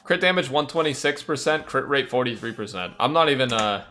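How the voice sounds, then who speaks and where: A man's voice: mid-range voice, expressive, brisk, pushed and bright, faint music behind. A man streaming a game, chatting casually and rambling candid opinions while reading chat aloud.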